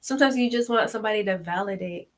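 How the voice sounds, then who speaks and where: Woman, thirties, casual chat co-host, animated, acts out quotes. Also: mid-range voice, fast, poor audio. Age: 30s. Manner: animated, acts out quoted voices, laughs often. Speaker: podcast co-host.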